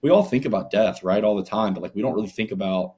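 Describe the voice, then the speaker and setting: Male podcast co-host, low husky voice, loose halting delivery. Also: mellow. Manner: loose, halting, many fillers. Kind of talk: casual chat.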